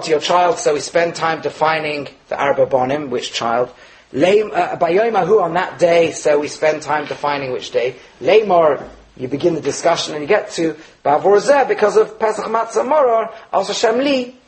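A man with a high-pitched voice teaches a Torah lesson in an animated, questioning way. He keeps asking rhetorical questions and answers them himself, switching quickly between Hebrew phrases and English. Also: slight background noise, low-quality recording. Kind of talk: Torah lecture on the Haggadah.

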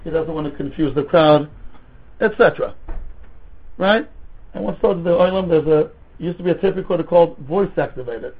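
A rabbi teaches a Talmud class in a slightly high, husky voice at normal speed, with long pauses. He lectures animatedly through rhetorical questions and stories, mixing Hebrew and Yiddish terms into his English, on a tinny, phone-like recording.

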